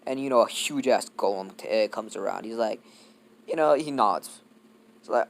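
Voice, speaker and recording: A man's voice: on the low side, normal speed. A young man casually improvising a fan-fiction story, rambling and swearing, with lots of fillers. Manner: rambling, profane, heavy on fillers. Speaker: YouTube storyteller.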